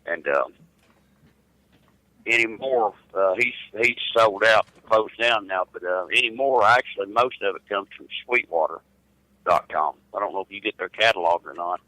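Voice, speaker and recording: The caller is a middle-aged American trucker having a relaxed phone conversation, his drawl broken by repeated words whenever he begins. He sits on the low side at a moderate pace with a sharp tone, and the rough recording has no echo.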